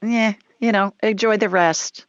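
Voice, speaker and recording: A woman's voice: medium pitch, fairly even intonation, unhurried, no echo, dull audio. A woman hosting a psychic call-in radio show, chatty and down-to-earth, with folksy phrases. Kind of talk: call-in show, casual and reassuring.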